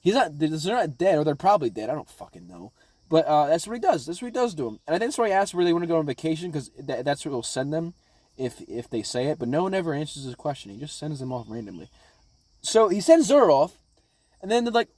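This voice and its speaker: High-voiced man rambling excitedly. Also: fast talker, no room sound. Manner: rambling, profanity-laden, excitable. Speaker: anime reaction vlogger. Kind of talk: casual episode recap.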